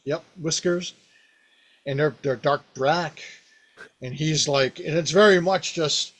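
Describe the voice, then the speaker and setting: A man with a slightly higher-pitched voice tells a tabletop game story in a loose, rambling way. He is animated, stumbling through fillers and restarts as he recounts what his players did. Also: takes it slowly, long pauses. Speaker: podcast host, game master. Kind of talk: casual storytelling about a past game.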